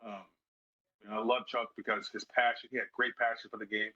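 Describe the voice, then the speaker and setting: Husky former player telling stories. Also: male voice, on the low side, brisk. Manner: animated storyteller who acts out quoted voices. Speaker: guest, former football player. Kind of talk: casual interview storytelling. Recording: slightly dull lo-fi sound.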